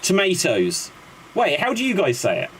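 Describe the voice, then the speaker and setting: A man's voice: on the high side, lively intonation, unhurried, slight background noise, poor audio. A man hosting a live improv comedy show, chatty and upbeat as he introduces the games. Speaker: host.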